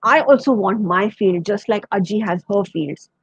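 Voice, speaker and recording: A woman's voice: medium pitch, moderate pace, husky, no room sound, lo-fi sound, lightly acted. A woman with an Indian English accent voicing a stubborn little farm girl who insists on her way. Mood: eager. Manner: insistent, determined.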